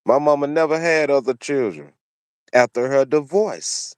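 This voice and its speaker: In a smooth, expressive, medium-pitched voice at moderate pace, a man hosts a commentary channel, offering opinionated solo remarks. He repeats phrases for emphasis in a preachy way, and the studio-quality audio has no room sound.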